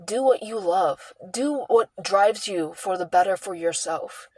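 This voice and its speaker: A young woman telling a candid personal story, earnest and heartfelt, with halting restarts and sighs. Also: mid-range voice, animated, a little mellow, slightly rough, no room sound, poor audio. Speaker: vlogger sharing a personal story.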